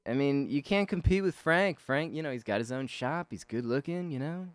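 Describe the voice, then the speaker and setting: A smug young bully who drawls his taunts slowly and loudly in a raised, higher voice, as a man acts him out. His mockery sounds dry and close. He is sneering and full of himself. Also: expressive, clear, resonant tone, dry recording, natural voice. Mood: taunting.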